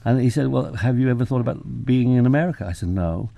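An older Englishman, a photographer and professor, tells anecdotes in a relaxed interview, acting out the dialogue and poking fun at himself. His mid-range voice is steady, gravelly and warm, he talks fast, and the recording is dry.

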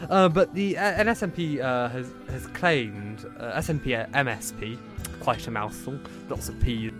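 A young man with a Northern English accent talks politics on a podcast, stopping often on fillers and restarting his sentences. Music plays clearly underneath his voice. His pitch sits in an ordinary middle range. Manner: hesitant, many fillers and restarts. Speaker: podcast co-host. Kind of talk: casual political chat.

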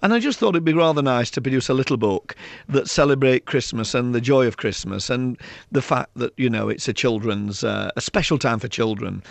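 Guy, author spinning funny school stories, gravelly voice, dry sound. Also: medium pitch, brisk, no echo. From South Yorkshire, England. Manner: lively raconteur, acts out children's voices, laughs often. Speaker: author and guest. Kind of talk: anecdotal storytelling in an interview.

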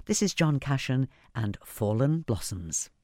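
A man presenting festival highlights in a relaxed, chatty way, pausing on fillers between items. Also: dry recording, studio quality. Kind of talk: casual presenting.

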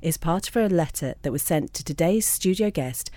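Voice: medium pitch, expressive, normal speed, dark tone, no room sound. A radio host asking questions and introducing segments in a friendly, teasing way. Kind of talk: radio interview.

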